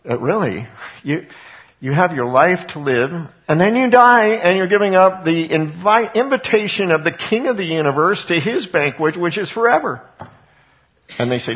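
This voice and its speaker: A man's voice: a little high, very animated, a little fast, dull audio. A man preaching a conversational sermon, retelling a parable with frequent restarts and asides. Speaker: pastor.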